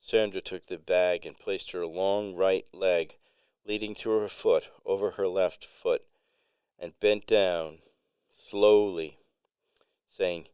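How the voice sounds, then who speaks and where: Male storyteller, measured narration, low pitch, dry booth-like sound. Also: fairly even intonation, a little mellow, clean tone, no room sound. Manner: measured, unhurried.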